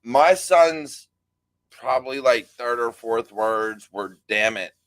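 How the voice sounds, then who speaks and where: A man in the host's seat, talking in a relaxed, casual way and launching into storytelling. He swears offhandedly and acts out other people's lines as he goes. His pitch sits in a middle range, neither low nor high. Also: takes it slowly. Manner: laid-back, swears casually, tells stories with lively quoted voices. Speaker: podcast host. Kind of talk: casual conversation.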